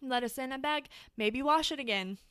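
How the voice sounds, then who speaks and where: A woman's voice: sits high, normal speed, a bit bright, clear, resonant tone, no room sound, clean studio sound. A woman co-hosting a podcast, explaining things in a chatty way with lots of fillers. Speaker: podcast co-host. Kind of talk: casual chat.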